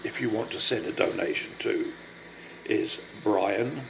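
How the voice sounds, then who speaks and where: An older man recording a personal video diary, speaking in a halting, apologetic, emotional way and short of breath from illness. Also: lowish voice, vocal fry, noisy background. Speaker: vlogger.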